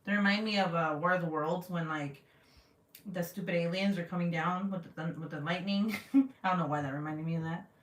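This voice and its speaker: Woman, thirties, livestream host, casual chat, profane, animated storyteller, distant mic, echoey room. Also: fairly low pitch, brisk.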